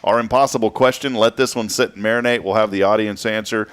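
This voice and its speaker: Brisk and with few pauses, a fairly low-voiced man runs a morning show, cracking jokes and riffing on the news in a playful, chatty roundup.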